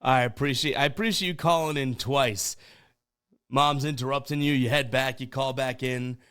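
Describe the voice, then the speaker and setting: A man's voice: medium pitch, steady tone, normal speed, fairly bright tone, clear, resonant tone. A man from Boston hosting a podcast, reacting to voicemails in a casual, chatty way with frequent laughs. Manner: chatty, laughs often, stumbles over words. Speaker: podcast host.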